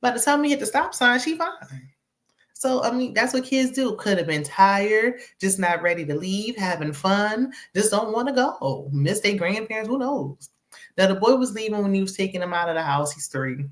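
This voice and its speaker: A woman's voice: medium pitch, expressive, moderate pace. A young adult woman hosting a casual commentary show, opinionated and chatty, laughing often. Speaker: host.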